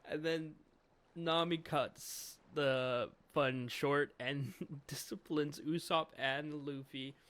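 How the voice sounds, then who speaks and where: A man's voice: fairly high pitch, fairly even intonation, takes it slowly, a bit bright. A man reviewing a comic chapter in casual commentary, thinking aloud and chuckling often as he reads along.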